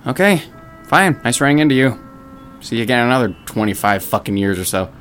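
A man's voice: medium pitch, animated, fast, a bit bright, soft background music, close to an everyday voice. A man voicing a sarcastic, foul-mouthed musician who is an estranged grown child in an audio drama, speaking bluntly.

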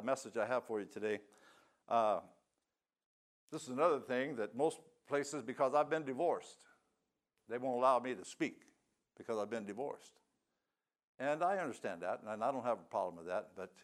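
An older man giving a sermon testimony, telling his story in a folksy, plain-spoken way. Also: mid-range voice. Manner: folksy storytelling with rural grammar.

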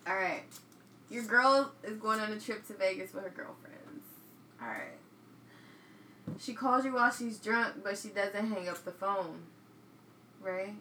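A woman's voice: medium pitch, lively intonation, measured pace, long pauses, sharp tone, roomy sound, a little hiss or hum, rough recording. A woman co-hosting a casual podcast, laid-back as she sets up hypothetical scenarios and laughs along. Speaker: podcast co-host posing scenarios. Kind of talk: casual chat.

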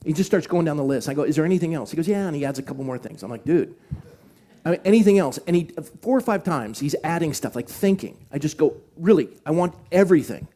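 Mellow-voiced male pastor preaching. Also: a little high. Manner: earnest, shifts from animated retelling to slow hushed emphasis. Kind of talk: sermon storytelling to a congregation. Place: church.

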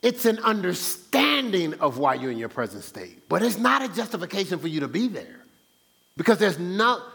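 A male pastor delivers a loose, conversational sermon, his fairly high voice swinging widely in pitch. He stammers through restarts and throws himself into acting out the people he quotes. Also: a bit bright.

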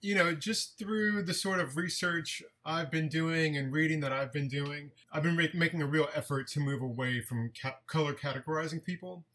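Guesting on a podcast over a remote call, a man from the San Francisco Bay Area, who works as a writer and TV editor, talks thoughtfully in a casual interview, frequently restarting words. His voice is on the high side, pushed and bright, at a moderate pace with few pauses.

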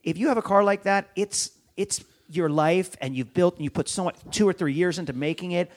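Man, podcast guest, fairly high voice, joking rambling stories, casual chat. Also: a little fast. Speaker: guest, comedian and TV host.

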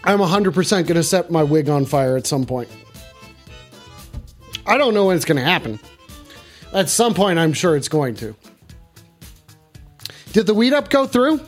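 High-voiced, swearing live streamer. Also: male voice, sing-song, normal speed, long pauses, soft background music. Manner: rambling, profane, joking with chat. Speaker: live streamer hosting a phone-in show. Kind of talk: casual live-stream chat.

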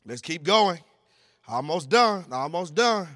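A man preaching a sermon. He uses call and response and repeats lines, moving from low, quiet passages to shouted, sing-song peaks. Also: very animated, slow pace, no echo, clean studio sound. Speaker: pastor.

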